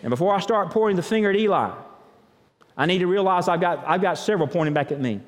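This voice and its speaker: A man preaching a sermon as pastor, chatty and thinking out loud, often repeating words as he goes. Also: sits high. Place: church sanctuary. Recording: long reverb of a large church.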